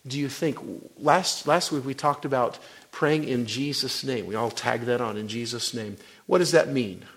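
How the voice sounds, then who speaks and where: Gravelly pastor guy preaching, goes from quiet stories to loud fired-up parts, lots of restarts. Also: medium pitch, moderate pace. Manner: swings from quiet storytelling to loud, preaching fervor. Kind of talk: sermon.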